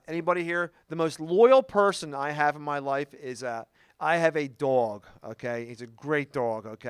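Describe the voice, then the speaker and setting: A man with a fairly high, smooth voice tells jokes in a stand-up set, recorded dry and close. He delivers punchy stories, with frequent "okay?" asides to the crowd. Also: no echo. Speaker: stand-up comedian. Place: comedy show before a live audience.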